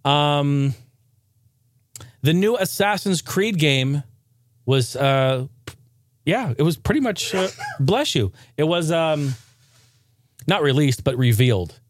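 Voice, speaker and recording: A young man hosting a casual gaming news podcast, rambling and joking, sometimes breaking into loud shouted bits. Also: a little high, expressive, slow, pauses often. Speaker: podcast host.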